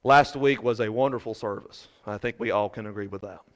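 A man preaching a sermon as pastor, swinging from shouted fervor to quiet earnest talk. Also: lowish voice, a little fast. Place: church sanctuary. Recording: preached in a reverberant hall.

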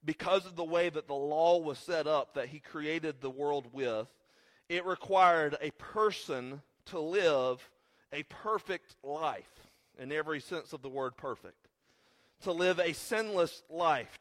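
A man's voice: on the high side, measured pace, fairly bright tone. A congested man with a slight cough, preaching a sermon as pastor with earnest, rising emphasis on key points.

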